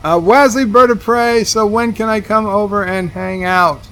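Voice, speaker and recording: A man's voice: high-pitched, normal speed, sharp tone. A man streaming a game, reading chat messages aloud and answering them with dry asides. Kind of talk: casual livestream commentary.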